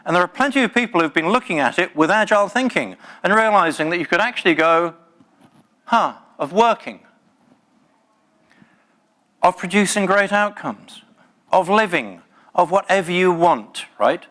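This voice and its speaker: Bright, passionate male conference speaker. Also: high voice, animated, moderate pace, long pauses. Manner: passionate, emphatic, jokey. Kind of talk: live tech conference talk. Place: conference session room.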